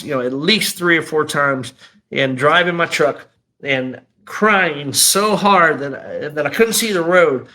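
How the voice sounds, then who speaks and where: A man's voice: fairly high pitch, sharp tone. A middle-aged man telling his personal testimony in a raw, emotional, conversational way, often saying "man" and "you know". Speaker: guest sharing a testimony.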